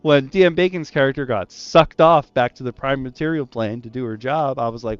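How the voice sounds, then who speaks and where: A man's voice: mid-range voice, a little fast, hardly any pauses, clean tone, no room sound, dull audio. A man who is a dungeon master, casually recounting a tabletop session and acting out his players' voices. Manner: animated storyteller, acts out his players' voices. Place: online voice call. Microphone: gaming headset.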